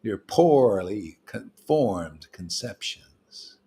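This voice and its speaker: A man giving an informal, animated spiritual talk to a group, streetwise in tone and swinging between loud bursts and hushed asides. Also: fairly low pitch, very slow. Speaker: spiritual teacher leading a devotee meetup. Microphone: livestream mic.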